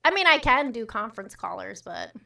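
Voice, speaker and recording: A fairly high-voiced woman hosting a casual livestream, talking straight to her chat. She is blunt and sarcastic and swears freely, and her voice sits a little back from the mic. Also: very animated, fairly quick, creaky, sharp tone, recorded from a distance. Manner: blunt, profane, sarcastic asides. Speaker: livestream host. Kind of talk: casual livestream chat reading comments and news.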